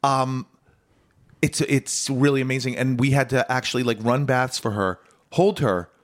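A man's voice: medium pitch, steady tone, moderate pace. A man hosting a casual podcast, telling funny stories about his kids and laughing often. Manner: storytelling, laughing, acts out his kids' voices. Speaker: podcast host.

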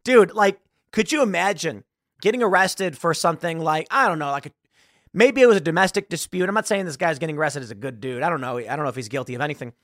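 Guy hosting a reaction show, bright voice, dry close mic, keeps laughing. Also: a little high, fast talker, no echo. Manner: animated, laughing, acts out quoted lines. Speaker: host. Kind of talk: casual commentary on a video.

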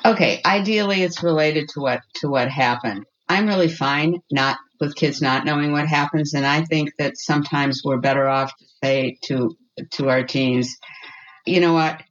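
A woman's voice: low-pitched, normal speed, muffled recording, slight background noise. A woman guest on a podcast giving parenting advice in an earnest, reassuring way, often checking in with "okay?". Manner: earnest, reassuring, tags points with "okay?" and "you know what?".

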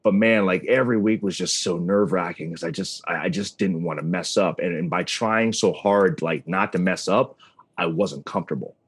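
A man's voice: sits low, moderate pace, husky, no echo. A man in his thirties, a wrestling announcer as a podcast guest, telling stories in a casual interview and acting out dialogue along the way. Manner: animated storyteller, acts out dialogue.

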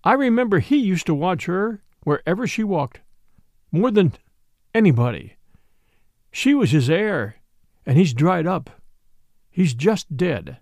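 A man's voice: sits high, sing-song, measured pace, pauses often, dry recording, studio quality, full character voice. A man voicing a blunt, hot-tempered army captain who speaks sharply and curtly in a storybook reading. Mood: shaken. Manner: sharp, curt, contemptuous.

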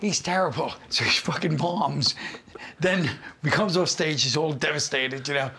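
A man chatting casually as a comedian guest, telling stories with lively acted-out voices. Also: on the high side, moderate pace, a little hiss or hum. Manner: animated storyteller who acts out the people in his stories. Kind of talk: casual chat, storytelling.

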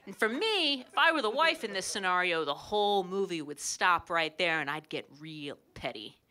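A woman's voice: fairly low pitch, lively intonation, normal speed, bright, forceful tone. A pregnant woman comedian doing a sarcastic, playfully petty stand-up set on stage before a live audience. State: heavily pregnant. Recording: live crowd laughter and room noise.

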